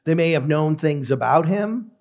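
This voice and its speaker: A man who is a pastor, preaching a sermon in a measured, emphatic way with deliberate pauses. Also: fairly high pitch, lively intonation, darkish tone.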